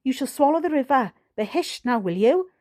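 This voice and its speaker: A woman's voice: sits high, animated, a little mellow, voice pushed up. A woman with a Welsh accent voicing an embarrassed, impatient boy in an audiobook reading. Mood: flustered. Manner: hurried, impatient.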